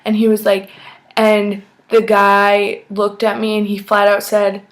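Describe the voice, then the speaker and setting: A woman of nineteen telling an excited, chatty story, full of "like" and acted-out quotes. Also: mid-range voice, a little slow. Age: young adult. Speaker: vlogger. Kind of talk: casual storytelling.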